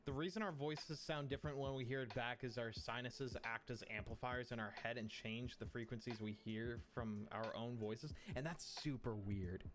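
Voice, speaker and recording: A man's voice: mid-range voice, normal speed, few pauses. A man streaming live in casual chat, thinking aloud as he works, swearing offhandedly and apologizing often, into a streaming mic. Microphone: streaming mic through an audio mixer.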